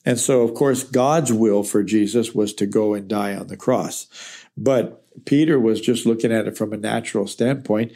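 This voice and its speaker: A man's voice: medium pitch, a little slow, dark tone. A man teaching through a Bible book verse by verse, reading scripture aloud and then explaining it in plain, earnest words.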